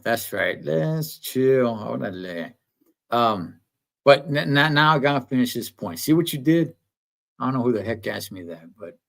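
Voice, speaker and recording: A man, rambling through a profane, slangy story in a casual livestream rant. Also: mid-range voice. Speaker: streamer.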